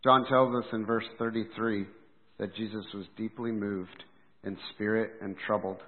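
A man giving a sermon in a measured, earnest storytelling manner. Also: lowish voice, flat delivery. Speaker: preacher. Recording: tinny phone-like sound with long hall reverb.

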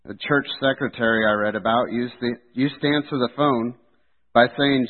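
A man preaching a sermon in an earnest, steady delivery. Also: mid-range voice, moderate pace. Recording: tinny phone-like sound.

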